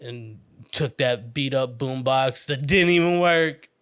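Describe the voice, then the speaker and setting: A man hosting a podcast, telling a childhood story in a rambling, profane, animated way. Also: medium pitch, takes it slowly, clear, resonant tone. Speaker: podcast host. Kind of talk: casual storytelling monologue.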